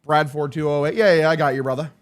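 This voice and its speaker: A young man streaming a game watch-along, calling the plays and excitedly thanking his chat, swearing freely. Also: fairly high pitch, fast talker. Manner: hyped, profane, thanking chat. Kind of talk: live watch-along play-by-play.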